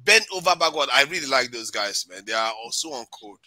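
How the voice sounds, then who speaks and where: Lively, bright-voiced Nigerian man. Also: medium pitch, brisk, no echo. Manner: laughs often, animated storytelling. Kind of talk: casual panel chat.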